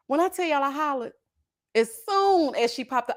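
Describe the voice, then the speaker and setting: A woman hosts a reality TV reaction show, chatting in a sassy way, laughing loudly, and calling her viewers honey and child. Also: high voice, expressive, moderate pace. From Texas. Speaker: host of a reality TV reaction channel. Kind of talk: casual reaction commentary.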